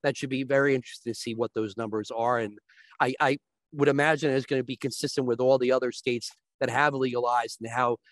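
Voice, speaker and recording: A man's voice: mid-range voice, steady tone, quick pace, dry recording. A man as a guest, explaining sports betting in casual chat with long, restarting sentences.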